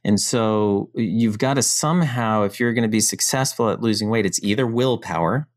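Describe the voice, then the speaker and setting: A middle-aged man from the United States, a podcast guest telling his story in a frank, animated, casual way, swearing now and then. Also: lowish voice, normal speed, dry recording, studio quality.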